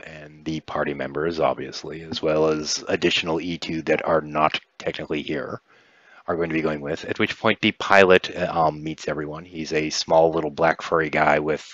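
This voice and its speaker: A man narrating as game master in a tabletop role-playing game, pausing and restarting often. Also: very deep voice, a bit bright, dry recording. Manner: hesitant, many restarts. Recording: dull lo-fi dry sound.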